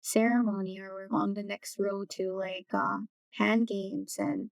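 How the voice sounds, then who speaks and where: Gravelly-voiced woman, off-mic. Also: mid-range voice, level tone, measured pace, no echo. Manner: soft-spoken, searching for words. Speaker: knowledge keeper. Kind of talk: casual interview talk. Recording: distant mic, dry room.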